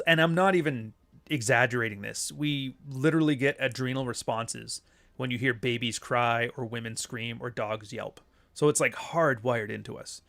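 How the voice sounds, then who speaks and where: A middle-aged man with a Canadian accent and a nasal voice, talking bluntly and crudely in a casual podcast monologue. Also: a bit bright. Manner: blunt, crude and sardonic, with sudden high-pitched outbursts. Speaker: podcast host.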